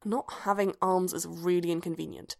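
A woman's voice: medium pitch, expressive, fairly quick, gravelly. A woman reading a story aloud, voicing a blunt, matter-of-fact male security droid.

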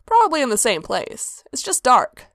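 A woman's voice: high-pitched, wildly swooping pitch, moderate pace, fairly bright tone, no room sound, studio quality, voice pushed up, exaggerated voice. A woman voicing a bold, teasing female goddess with a casual, cheerful manner. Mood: cheeky.

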